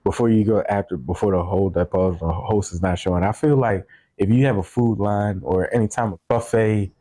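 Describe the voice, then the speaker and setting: A man hosting a podcast in casual chat, chiming in with quick questions. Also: lowish voice, dark tone, dry recording. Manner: chimes in with quick questions and laughs. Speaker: podcast host.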